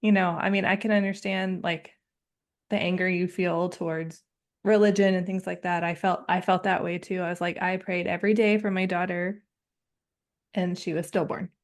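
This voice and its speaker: A woman's voice: fairly low pitch, level tone, normal speed. Sympathetic woman podcast host. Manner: sympathetic, conversational, laughs softly. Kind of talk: empathetic interview conversation.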